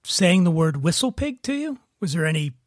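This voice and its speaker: A man hosts an interview and prods his guest with playful, joking questions. His voice sits high for a man. The recording is dry and close to the mic. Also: big pitch swings, moderate pace, no echo. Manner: jokey, prompting questions. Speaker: podcast host. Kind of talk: casual interview.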